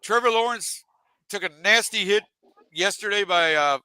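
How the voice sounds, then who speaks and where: Man, sports show host, high voice, very bright, dry close sound. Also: normal speed, clean tone, no room sound, rough recording. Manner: chatty, leads the discussion. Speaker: podcast host. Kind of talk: casual sports talk.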